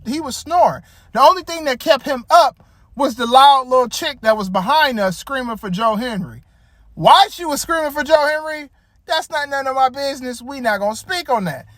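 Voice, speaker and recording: A high-voiced wrestling commentator from the Detroit area goes on a casual, rambling rant about a wrestling show, swearing freely and getting worked up. The recording is close and dry, with no room sound at all.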